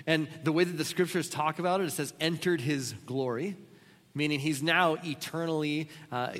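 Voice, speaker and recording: A man preaching a sermon as pastor, telling stories with sudden loud exclamations. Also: fairly high pitch. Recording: long reverb of a large hall.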